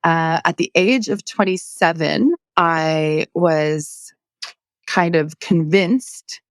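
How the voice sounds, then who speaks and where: A woman's voice: low voice, no echo, clean studio sound. A woman in her forties from Prince Edward Island, Canada, answering interview questions in a friendly, easygoing way. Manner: friendly, easygoing, quick to laugh. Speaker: guest, Olympic athlete.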